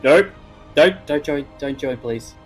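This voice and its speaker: A man's voice: fairly high pitch, animated, measured pace, faint music behind. A man casting a live strategy game tournament, tossing out dry, teasing asides. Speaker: esports caster. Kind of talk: casual live game commentary.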